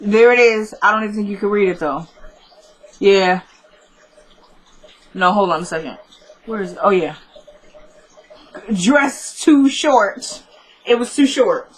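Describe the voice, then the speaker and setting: A woman's voice: medium pitch, normal speed, long pauses, rough recording. Chatty woman recapping a TV episode. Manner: chatty, rambling, with self-corrections. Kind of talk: casual show recap.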